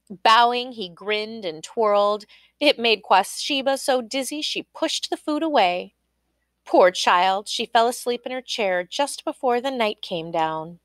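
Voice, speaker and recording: A woman reading a children's folk tale aloud in an expressive storytelling voice. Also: on the high side, no echo, studio quality. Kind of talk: storybook read-aloud narration.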